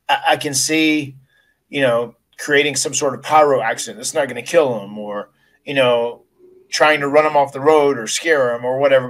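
Middle-aged male podcast host, conversational storyteller who stumbles and restarts, mid-range voice. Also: medium pitch. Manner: storytelling, frequent restarts, emotional recollection. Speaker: podcast host, retired wrestler. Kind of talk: casual podcast interview.

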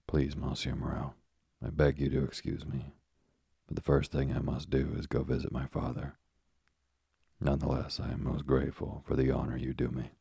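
A man's voice: rumbling low, completely flat delivery, normal speed, creaky, mellow, breathy edge, no room sound, clean studio sound, exaggerated voice. A man reading an earnest young sailor. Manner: earnest, courteous, grave. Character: young male sailor, earnest, dutiful and polite. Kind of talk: audiobook character reading.

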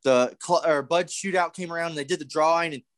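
A young man with a fairly high voice, chatting as a podcast co-host. He tells excitable stories, shouts out bits of them and swears freely, recorded dry and close. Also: fast talker, dry recording. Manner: excitable storyteller, loud acted-out yells, swears freely. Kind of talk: casual chat.

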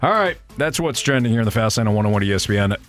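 A man's voice: fairly low pitch, expressive, racing, faint music behind. A man hosting a sports radio show, bantering with his co-host and reading sponsor lines in a casual, upbeat way.

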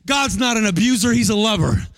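Man, middle-aged, high-pitched, energetic sermon, sing-song cadence, dry sound. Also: fairly quick, no room sound. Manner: energetic, sing-song preaching with shouted peaks. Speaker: guest preacher.

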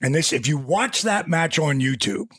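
A man in his sixties, an interview guest telling stories in a casual, animated way and acting out quotes and sound effects. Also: on the high side, normal speed, breathy edge, dry recording, studio quality.

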